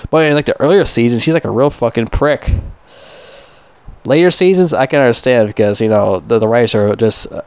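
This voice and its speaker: A man's voice: mid-range voice, brisk, darkish tone, clean tone, dry recording. A young man ranting casually and profanely as a movie reviewer, rambling and mocking. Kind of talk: casual rant.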